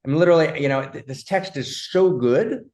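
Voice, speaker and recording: A man hosting an animated film discussion, talking emphatically and breaking into excited bursts. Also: a little high, a little fast. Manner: warmly addresses his partner as "my friend". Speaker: host, philosopher.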